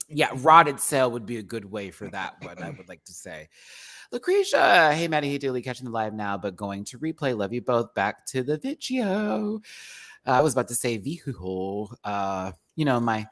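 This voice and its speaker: Male host, bright lively voice, quick with impressions. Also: medium pitch. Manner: animated, laughing often, slips into quick impressions. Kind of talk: casual livestream chat reviewing a TV show.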